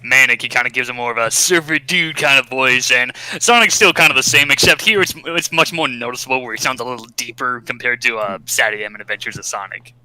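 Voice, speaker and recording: Man, casual podcast chat, excitable, laughs a lot, very bright tone, dry close mic. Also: mid-range voice, quick pace, few pauses, dry recording, rough recording. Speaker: podcast co-host.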